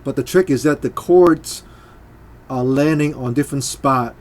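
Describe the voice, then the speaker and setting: With loud guitar going in the background, an unhurried man with a medium-pitched voice walks through a guitar part. He's casual and hesitant, using plenty of fillers and counting the beats out loud.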